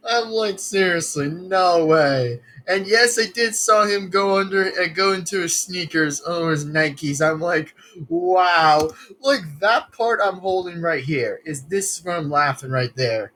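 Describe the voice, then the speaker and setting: A man's voice: sits high, a bit bright, a little hiss or hum. A man rambling through casual reaction commentary, laughing often and swearing. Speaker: video reactor.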